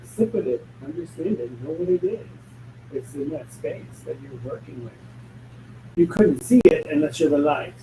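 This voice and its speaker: A man's voice: a little high, lively intonation, moderate pace. A man working as a spiritual medium, talking casually in an emphatic, blunt and joking way. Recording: echoey room, distant mic, faint noise.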